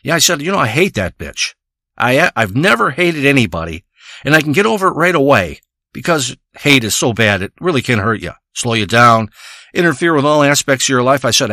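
Guy ranting and swearing thru a crude story, bright sharp voice, swoops up and down a lot. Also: medium pitch, big pitch swings, moderate pace, no room sound, clean studio sound. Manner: profane, rambling, ranting. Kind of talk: crude comic monologue.

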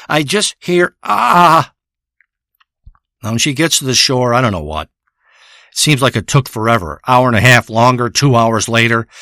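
A man's voice: mid-range voice, fairly bright tone, no room sound, clean studio sound. A man telling a crude, profane, rambling comedic monologue. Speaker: comedic storyteller.

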